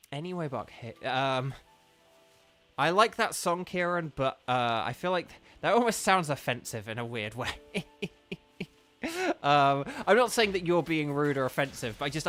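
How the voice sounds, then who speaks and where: A man live-streaming a game, chatting loosely with his viewers, full of ums and quick laughs. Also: fairly high pitch, expressive, a bit bright. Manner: rambling, lots of ums and laughs, answers chat. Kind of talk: casual live-stream chat.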